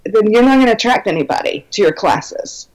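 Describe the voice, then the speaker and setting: A woman guest who teaches belly dance, talking in a chatty, enthusiastic way. Her voice sits at an ordinary middle pitch, and she fills her sentences with "um" and "you know". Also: animated, a little fast, a little mellow, rough recording. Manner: chatty, enthusiastic, many fillers. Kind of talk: casual podcast conversation.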